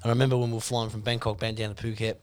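A man's voice: on the low side, level tone, racing, darkish tone. A man co-hosting a podcast. He tells crude anecdotes in loose, casual banter and breaks into laughter often. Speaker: podcast co-host.

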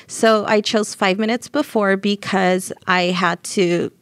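A woman in her young adult years recounts events in an animated, conversational voice of middle pitch, often laughing and slipping into quoted voices. The sound is close and dry, with no room around it. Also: takes it slowly, smooth, dry recording. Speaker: interview guest. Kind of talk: conversational storytelling.

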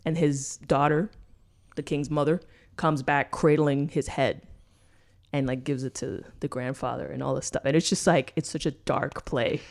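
A woman's voice: deep voice, fairly even intonation, normal speed, gravelly, darkish tone. A woman co-hosting a podcast, retelling a story in casual, profane chat and checking in with "right?" after almost every point. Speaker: podcast co-host.

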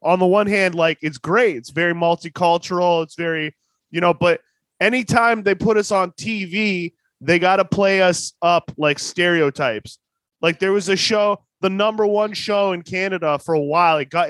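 A man's voice: sits high, moderate pace, a bit bright, dry recording. A man who is a guest on a podcast, ranting bluntly in casual chat.

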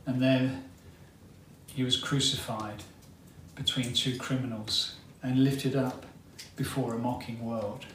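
A male preacher giving a sermon, retelling a story dramatically with long pauses. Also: medium pitch, steady tone, a bit bright, a little hiss or hum. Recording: roomy hall, mic at a distance, faint ambience.

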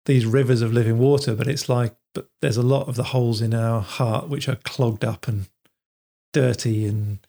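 A man's voice: medium pitch, steady tone, normal speed, creaky, dark tone. A man co-hosting a casual faith chat and leading prayer, earnest and explanatory, often restarting his words. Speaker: co-host.

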